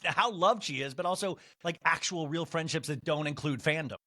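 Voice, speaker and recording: Guy hosting a podcast, bright and highish voice, gossipy and playful. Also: normal speed. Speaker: podcast host. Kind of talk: casual chat.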